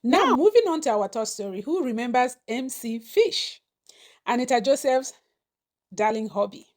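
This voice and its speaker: A woman's voice: fairly high pitch, lively intonation, moderate pace. A woman hosting a celebrity gossip show, chatty with conversational asides.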